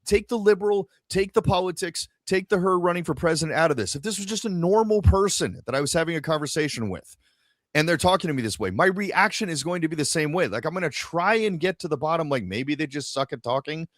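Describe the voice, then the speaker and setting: A man's voice: a little high, animated, fast talker, dry recording. A man hosting a casual podcast chat, ranting in a profane, exasperated way. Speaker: podcast host.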